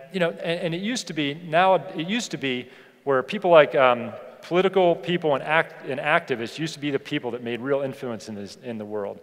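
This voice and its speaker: A man giving a motivational keynote speech on a conference stage, emphatic and repeating phrases for effect. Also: mid-range voice. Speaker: keynote speaker. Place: large conference hall. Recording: long hall reverb from a PA.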